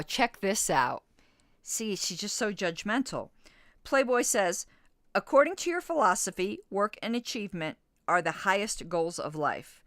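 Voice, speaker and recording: A woman in her fifties reads an interview aloud, then argues back bluntly in a lowish voice that swings up and down a lot. The sound is close and dry, with no room echo. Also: bright, forceful tone. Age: 50s. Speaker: podcast host. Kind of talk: reading an interview aloud and commenting.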